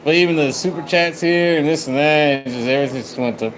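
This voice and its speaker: A man's voice: fairly high pitch, quick pace. A man chatting on a live stream, rambling and swearing as he talks to his viewers. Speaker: livestreamer. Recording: noisy background.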